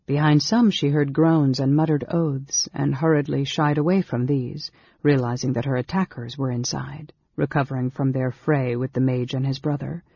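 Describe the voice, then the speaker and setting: A narrator reads a novel aloud in a husky, breathy voice, measured and steady. The sound is dull and completely dry. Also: mid-range voice, dry recording. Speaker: audiobook narrator.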